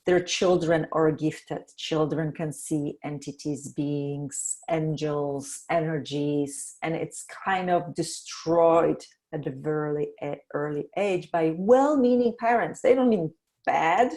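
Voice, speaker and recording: A middle-aged woman talking as a podcast guest about energy and intuition, animated, laughing often and acting out the voices she quotes. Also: low voice. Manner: slows to a soft guiding tone in exercises. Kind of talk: conversational interview.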